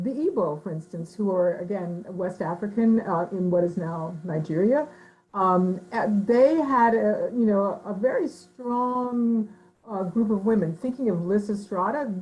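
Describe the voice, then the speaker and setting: A woman author answering interview questions in an animated, thoughtful way, with frequent fillers, who slips into voices when quoting people. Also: mid-range voice, unhurried, dull audio.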